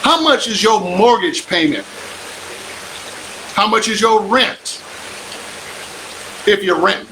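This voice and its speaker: Emphatic older man, bright, high voice. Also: lively intonation, slow, pauses often, a little hiss or hum, low-quality recording. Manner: preachy, emphatic, repeats lines for effect. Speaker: real estate investor and coach. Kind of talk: motivational live stream pitch.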